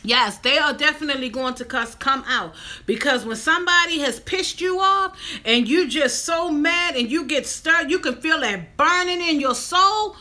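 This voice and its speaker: Talking directly to her audience in a mukbang vlog, this woman stays animated and emphatic throughout the casual chat. Her voice sits high and moves at normal speed.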